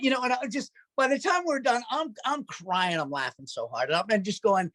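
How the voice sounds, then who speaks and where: A man's voice: extremely high pitch, expressive, brisk, hardly any pauses, a bit bright, no room sound. A man guest telling stories in a casual interview, chatty and laughing often. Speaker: musician guest.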